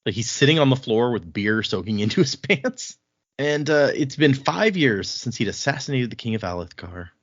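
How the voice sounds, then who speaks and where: A man co-hosting a casual book podcast, recapping the plot in a chatty way and acting out quick bits of dialogue. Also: mid-range voice, expressive, no room sound, highs cut off. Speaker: podcast co-host.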